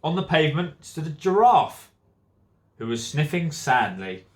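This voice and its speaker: A male teacher reads a children's picture book aloud, giggling as he goes. His voice sits a little high and swings lively from line to line. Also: a little slow. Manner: giggly, keeps breaking into laughter. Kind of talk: storybook read-aloud.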